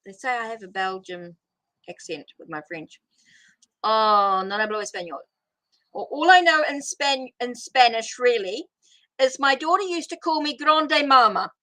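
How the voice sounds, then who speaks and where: A woman's voice: fairly high pitch, lively intonation, a little slow, sharp tone. A middle-aged woman hosting a casual live tarot stream, rambling as she greets viewers and answers their comments. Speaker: tarot reader hosting a livestream.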